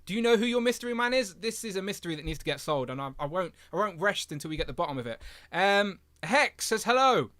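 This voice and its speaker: This young English livestream host chats cheerfully, reads viewer comments aloud and laughs a lot. He talks fast with few pauses in an animated, high, fairly bright voice, and there's no room sound on his headphone mic.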